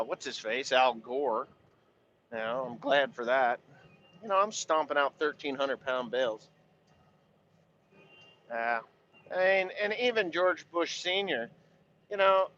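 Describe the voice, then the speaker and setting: A man's voice: a little high, a bit bright, highs cut off. A man, a farmer, talking in a casual rambling monologue, blunt and profane and full of "you know" fillers.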